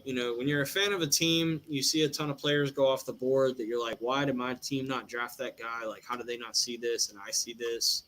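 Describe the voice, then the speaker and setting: A man's voice: medium pitch, a bit bright, slight background noise, rough recording. A young man hosting a sports podcast live stream, rambling through betting picks and draft talk with lots of fillers. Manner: rambling, filler-heavy, thinks aloud. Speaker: podcast host.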